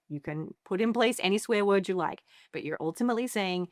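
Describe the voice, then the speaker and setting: A woman's voice: mid-range voice, fairly quick, no room sound, studio quality. A middle-aged woman therapist giving a playful educational talk to camera, slipping into sassy voices for the replies she suggests. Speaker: anxiety therapist.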